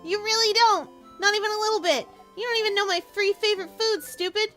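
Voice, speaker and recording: A loud, bratty little kid with a high, bright voice that shouts and whines, stammering whenever nerves win out, played by a woman. The kid sounds fiery but easily scared, and faint music runs underneath. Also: fairly even intonation, quick pace.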